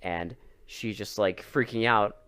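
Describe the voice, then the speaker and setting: Animated, swearing man on a podcast. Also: on the low side, unhurried, a little hiss or hum. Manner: animated, swearing, acts out characters' lines. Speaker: podcast co-host. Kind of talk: casual film recap chat.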